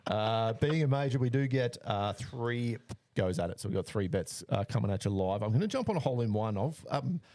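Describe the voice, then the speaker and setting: A man co-hosting a casual podcast, running through names and betting odds in a relaxed way with frequent fillers. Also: lowish voice, a little fast, no room sound. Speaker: podcast co-host giving betting picks.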